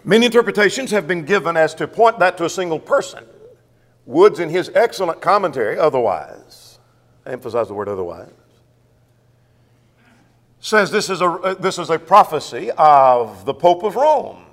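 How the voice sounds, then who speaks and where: A man's voice: on the high side, big pitch swings, moderate pace, big-room sound. A man preaching a sermon in a church, asking himself questions and answering them.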